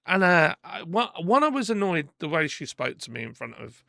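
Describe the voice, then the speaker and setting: A man hosting a podcast, retelling a story with animated indignation and acting out the quotes. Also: fairly high pitch, moderate pace, gravelly, no echo, studio quality. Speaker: podcast host. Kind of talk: casual storytelling.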